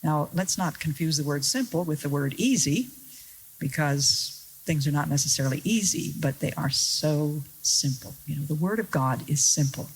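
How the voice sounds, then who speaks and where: A woman preaching a sermon to an audience, earnest and deliberate, with wry rhetorical questions and stressed key words. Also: sits low, lively intonation, husky, poor audio. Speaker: Christian speaker.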